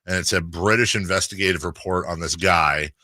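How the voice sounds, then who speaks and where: A man's voice: deep voice, fairly quick, no echo. A man hosting a sports radio show, telling stories in casual banter and laughing often. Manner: animated storyteller, laughs often. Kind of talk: casual chat. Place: radio studio.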